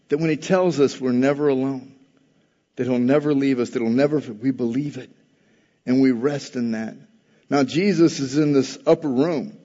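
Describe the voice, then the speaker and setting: A man's voice: mid-range voice, mellow. A man preaching a sermon as pastor, earnest and building emphasis on scripture quotes. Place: church sanctuary. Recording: dull, long-reverb church recording.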